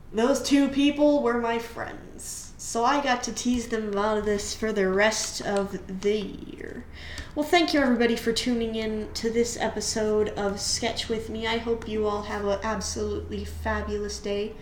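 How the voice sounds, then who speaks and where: A woman's voice: fairly high pitch, lively intonation, unhurried. Chatty woman telling a rambling storytime. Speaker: channel host. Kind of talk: casual storytime while coloring. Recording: roomy echo with faint hiss.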